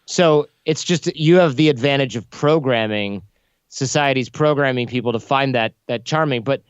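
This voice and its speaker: A man's voice: mid-range voice, moderate pace, clean tone, dry recording. A man guesting on a podcast, talking casually in a blunt, joking way. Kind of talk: casual interview chat. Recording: dry, slightly dull lo-fi audio.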